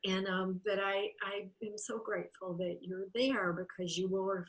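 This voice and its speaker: A woman's voice: medium pitch, fairly even intonation, moderate pace, low-quality recording. A woman hosting a church devotional over a video call, talking heartfelt and emotional, close to tears at times. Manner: emotional, tearful at times, warm and effusive.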